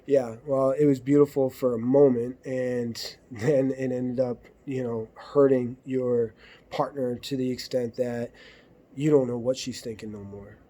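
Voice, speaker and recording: A man's voice: medium pitch, steady tone, unhurried, dark tone. A man hosting a podcast, talking in a blunt, profane, conversational way and acting out what arguing partners say. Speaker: podcast host. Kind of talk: casual monologue.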